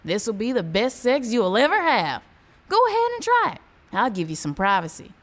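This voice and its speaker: A woman voicing a gruff male navy captain in a joke, delivered matter-of-fact. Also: fairly high pitch, very animated, normal speed, fairly bright tone. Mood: deadpan.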